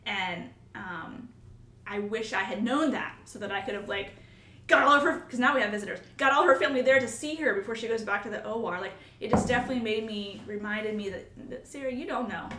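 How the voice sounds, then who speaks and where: A woman who is both a podcast host and a nurse speaks earnestly and with feeling in a heartfelt podcast conversation, acting out coworkers she quotes. Her mid-range voice is pushed and bright and a little fast, recorded from a distance with roomy sound and faint ambience.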